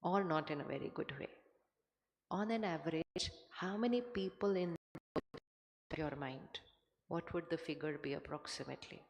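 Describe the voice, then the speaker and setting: A woman giving a spiritual talk to a live audience, measured and conversational, often putting questions to the listeners. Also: low-pitched. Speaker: spiritual speaker. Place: large hall with an audience. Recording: hall reverb from a stage mic.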